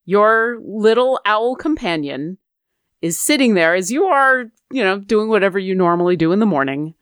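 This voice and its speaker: A woman game master narrating a tabletop game in a lively, descriptive, conversational way. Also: mid-range voice, moderate pace, smooth, dry recording, studio quality.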